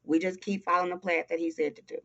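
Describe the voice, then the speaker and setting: A woman in her early forties with a Southern accent from Texas, a guest speaking earnestly and slowly in an interview. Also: on the low side, level tone, fairly bright tone. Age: early 40s. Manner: earnest, heartfelt, slow and emphatic. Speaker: guest, nonprofit founder. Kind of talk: interview conversation. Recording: dull lo-fi audio.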